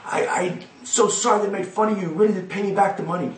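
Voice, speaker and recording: A man plays a wealthy businessman who exclaims with lively, rising emphasis, pitched a little high. The room sounds echoey. The voice is heard from a distance. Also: fast, a little hiss or hum, close to an everyday voice. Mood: excited. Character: wealthy businessman, jovial then remorseful.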